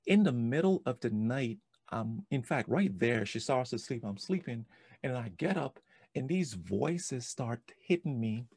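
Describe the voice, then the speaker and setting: A man in his forties, a podcast host, telling a personal story in an animated way, often repeating and restarting words. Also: mid-range voice, a little slow, slightly rough, no echo.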